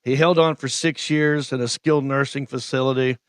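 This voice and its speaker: A male comedian guest, telling deadpan comic anecdotes. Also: medium pitch, fairly quick, smooth, dry recording. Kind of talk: comic storytelling.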